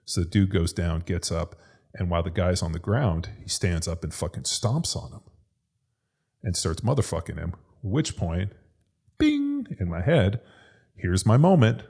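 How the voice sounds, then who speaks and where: A man, a podcast co-host and former football lineman, telling a story in casual chat, profane and animated. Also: deep voice, moderate pace, vocal fry, breathy edge.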